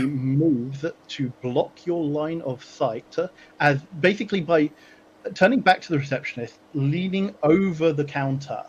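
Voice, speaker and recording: A man running a tabletop game as game master, narrating haltingly with many fillers. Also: mid-range voice, dull audio, slight background noise. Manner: halting, many ums and uhs.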